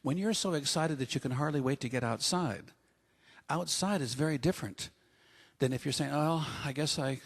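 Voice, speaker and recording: Pastor, male, husky, sermon delivered as humorous storytelling. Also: medium pitch, animated, moderate pace. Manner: humorous storytelling with acted asides.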